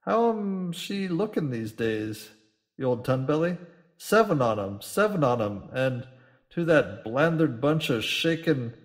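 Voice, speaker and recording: A man's voice: mid-range voice, moderate pace, a little mellow, close to an everyday voice. A man voicing a brawling, volatile older pirate captain who bellows and swears French oaths. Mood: furious.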